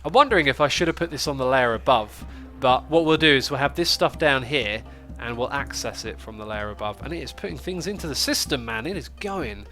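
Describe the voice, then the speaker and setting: A man's voice: medium pitch, a little fast, hardly any pauses, pushed and bright, soft background music. A man with a stuffy, congested nose hosting a casual gaming livestream, chatting and thinking aloud as he plays. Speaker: livestream host.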